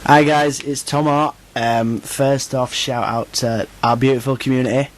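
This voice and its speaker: A man's voice: medium pitch, steady tone, a little slow, poor audio. A man with an English accent leaving a recorded voicemail question for a podcast, hesitant and cheeky. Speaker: listener sending a voicemail.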